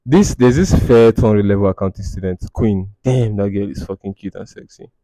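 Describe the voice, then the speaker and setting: A man's voice: fairly low pitch, brisk, warm tone, no echo. Dry-voiced Nigerian man, wry podcast host. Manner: wry, mocking asides with Pidgin phrases. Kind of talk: casual commentary reading out anonymous confessions.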